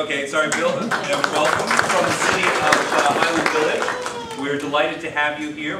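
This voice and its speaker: Rabbi speaking in an echoey hall. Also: male voice, fairly high pitch. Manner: folksy storyteller, does voices in a joke. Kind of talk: speech at an interfaith dinner. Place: large hall. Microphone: distant mic. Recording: echoey hall from far off, noisy.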